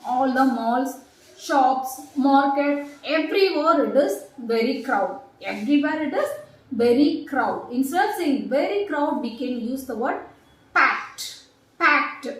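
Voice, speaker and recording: A woman with a high voice gives an English vocabulary lesson at an unhurried pace. She says each word and example twice. Her voice rings around a very echoey room. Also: animated, recorded from a distance. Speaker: English teacher.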